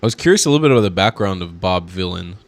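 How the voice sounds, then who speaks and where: A man's voice: deep voice, lively intonation, rapid-fire. Indignant man ranting over clips. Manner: indignant, mocking, rants. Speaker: commentator. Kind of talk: reaction commentary.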